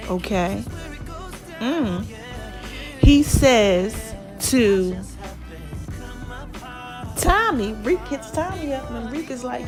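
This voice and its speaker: Faint background music accompanies a female podcast host as she cheerfully chats through a TV episode recap in a high voice. She keeps jumping into the characters' lines with an animated delivery.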